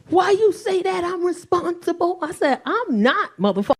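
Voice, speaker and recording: Brash, loud woman doing stand-up comedy. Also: very high voice, sing-song. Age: middle-aged. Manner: loud, brash and profane, acting out characters in quick voices. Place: comedy club stage with a live audience. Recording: live club recording with faint crowd. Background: audience laughing.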